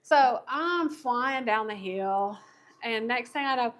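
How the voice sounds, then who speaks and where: Brief: bright high-pitched woman, chatty craft co-host, laughs through her stories. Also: slow pace. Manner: storytelling, laughs a lot. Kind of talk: casual chat while crafting.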